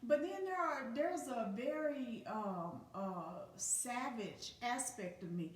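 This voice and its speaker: A woman's voice: a little high, animated, slow pace. Blunt, profane woman in an echoey room. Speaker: spiritual teacher. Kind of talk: casual motivational talk. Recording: echoey room, distant from the mic.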